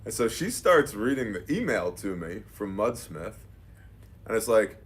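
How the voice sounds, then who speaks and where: Husky-voiced man telling a story. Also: fairly low pitch, unhurried. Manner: animated, quotes dialogue with "I'm like". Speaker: business owner. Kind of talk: casual storytelling.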